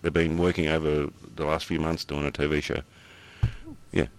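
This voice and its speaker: With a very deep, level voice at normal speed, an Australian podcast co-host rambles casually through one story after another. He chuckles in between as the chat goes on.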